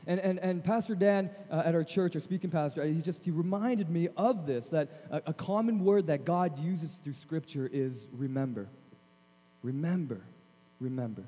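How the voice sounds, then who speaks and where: A man's voice: on the high side, moderate pace, breathy edge. Man telling a story in a reverberant chapel. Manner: self-deprecating, animated storytelling with laughs. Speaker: guest chapel speaker. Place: large chapel hall. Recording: long hall reverb.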